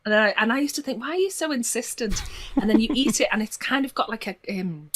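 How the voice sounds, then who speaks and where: An English woman chatting as a podcast guest, telling animated stories with gasps and laughs. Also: a little high, quick pace. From England. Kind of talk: casual chat.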